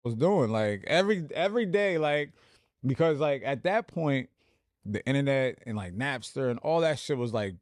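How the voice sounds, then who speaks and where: A man in his forties from New Jersey, a radio personality telling relaxed stories as a podcast guest, with many fillers. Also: mid-range voice, moderate pace, dry recording, clean studio sound. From Plainfield, New Jersey. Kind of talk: casual podcast interview.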